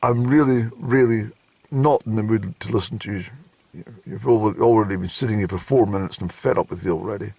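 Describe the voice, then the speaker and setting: A man's voice: fairly low pitch, brisk, gravelly, darkish tone, slightly rough, no room sound. A man with a Scottish accent voicing a grumpy, impatient male doctor who is fed up with his patient. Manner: irritated, dismissive.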